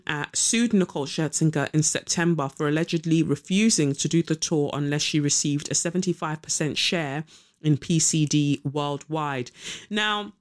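A young adult podcast host with a medium-pitched voice chats casually and reads news items aloud. Full of fillers, the takes are sarcastic and opinionated.

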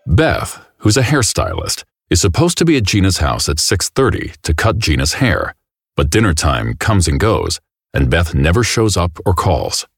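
A man narrates a true-crime documentary with grave, measured delivery. His voice sits very low and gravelly, and it rises and falls expressively. Music plays under him throughout. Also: sing-song, no room sound. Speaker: host and narrator.

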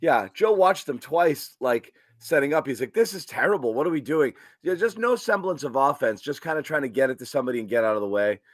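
A man's voice: mid-range voice, expressive, a little fast, few pauses, dry recording, studio quality. A man co-hosting a postgame sports show, rambling with many restarts while breaking down the game. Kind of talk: sports postgame analysis chat.

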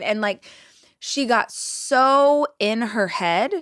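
A woman's voice: a little high, slow, a bit bright, dry recording, studio quality. A woman hosting a motivational podcast, speaking earnestly and directly to her listeners. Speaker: podcast host.

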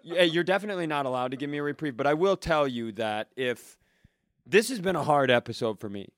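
A man's voice: a little high, animated, fast talker. A man co-hosting a comedy podcast, telling stories in a rambling, self-mocking way. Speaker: podcast co-host. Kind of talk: casual comedic chat.

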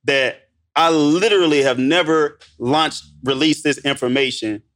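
A man from Missouri telling stories in a casual podcast chat, emphatic and animated, acting out the dialogue. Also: fairly high pitch, a little slow. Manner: animated, emphatic storyteller who acts out dialogue. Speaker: guest entrepreneur.

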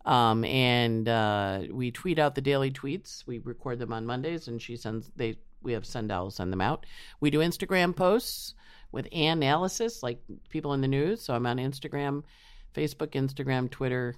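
A woman's voice: extremely low pitch, normal speed, clean tone, dry recording. Chatty woman astrologer, dry sound. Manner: chatty, rambling, many restarts. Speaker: astrologer guest. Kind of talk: casual interview chat.

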